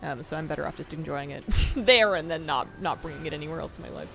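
A woman's voice: sits low, fast talker, creaky, fairly bright tone. A woman streaming a game, chatting casually with chat in a rambling way and laughing often. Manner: chatty, giggly, rambling asides.

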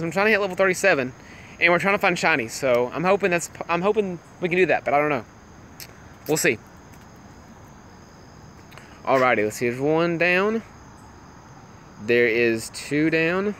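A young man casually chatting with viewers on a livestream while playing a phone game, excitable and laughing often. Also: high-pitched, normal speed, long pauses, a little hiss or hum. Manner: excitable, laughs a lot, greets chat viewers. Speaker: livestream gamer.

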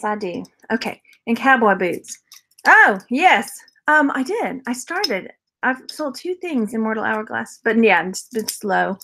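A woman's voice: on the high side, moderate pace, fairly bright tone. A woman casually chatting through a jewelry unboxing haul as a reseller vlogger, rambling, laughing often and answering viewer comments. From Texas.

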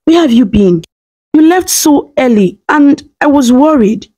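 A woman's voice: high voice, animated, a little slow, dark tone, pitched above the performer's own voice. A woman voicing a torn, anguished young husband and father who speaks in a pained, hesitant way.

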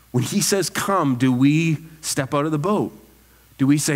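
Male pastor, slightly high voice, earnest sermon, long church reverb. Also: moderate pace. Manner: earnest, animated preaching with rhetorical questions. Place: church sanctuary.

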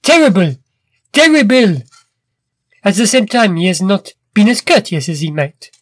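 A man's voice: high-pitched, big pitch swings, fairly quick, no room sound. A man doing a sneering, sly inventor villain. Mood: mocking. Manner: smooth, mocking, then stammering when scared.

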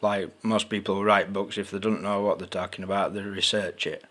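A man explaining casually to his camera in a plain, halting, informal way. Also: sits low, flat delivery, a bit bright. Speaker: video uploader. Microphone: camera mic.

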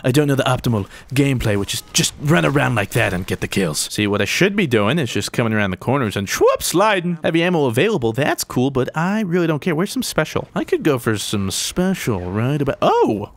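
A man giving jokey, excitable gameplay commentary, full of mild exclamations. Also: medium pitch, brisk, hardly any pauses. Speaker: gaming YouTuber.

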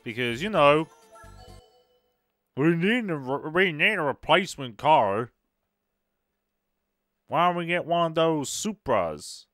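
A man's voice: on the high side, expressive, unhurried, pauses often, fairly bright tone, no room sound, clean studio sound, soft background music, voice pushed up. A man voicing a mock Southern American man with a boastful, sarcastic tone and an exaggerated drawl. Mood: mock-earnest.

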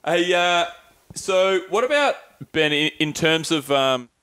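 An Australian man co-hosting a podcast, asking friendly, halting questions with many fillers. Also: a little high, lively intonation, fairly bright tone, clean tone. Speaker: podcast co-host. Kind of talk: casual interview chat.

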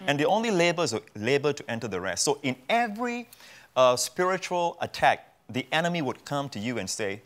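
A pastor appears as a guest in a television studio interview and preaches, emphatically repeating key phrases for effect. His voice is a little high, sing-song, fairly quick and a bit bright.

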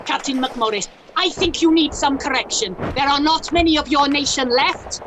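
A woman plays a fussy army captain who scolds everyone, with a very high voice. Gunfire and rumbling guns sound behind her. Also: normal speed, noisy background, natural voice. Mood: curt. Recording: battle sound effects behind.

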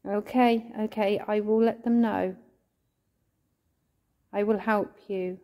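A woman's voice: medium pitch, fairly even intonation, slow pace, mellow. Emotional woman ghost hunting. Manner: coaxing, pleading, emotional. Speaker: ghost hunter vlogger. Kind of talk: ghost-hunting vlog, calling out to a spirit. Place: inside a church.

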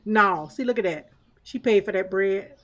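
A woman's voice: mid-range voice, moderate pace, fairly bright tone. A woman streamer giving chatty live gameplay commentary, laughing often and talking back to chat and the game's customers.

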